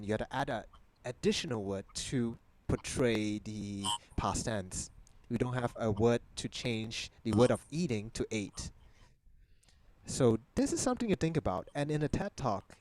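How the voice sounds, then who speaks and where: Young Malaysian man, Mandarin native, mid-pitched, dry close sound, lecturing host on a video call. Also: darkish tone, no echo, poor audio. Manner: lecturing, asks the audience rhetorical questions. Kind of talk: casual explanatory talk on a video call.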